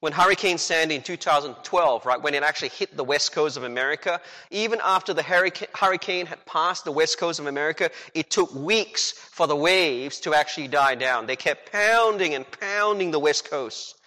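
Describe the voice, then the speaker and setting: A man preaching a sermon as a pastor, animated and full of rhetorical questions, acting out the quotes he tells. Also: a little high, a little fast, few pauses. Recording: long hall reverb.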